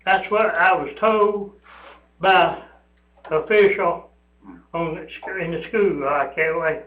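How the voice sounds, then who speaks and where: A man's voice: sits high, takes it slowly. An older man making a rambling, aggrieved public comment at a county meeting, repeating himself as he goes. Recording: echoey room, dull lo-fi sound.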